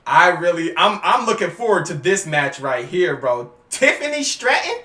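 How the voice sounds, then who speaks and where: A man making casual wrestling predictions in an excitable, slangy way, acting out scenes as he goes. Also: sits high, normal speed, reverberant. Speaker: YouTuber giving wrestling predictions.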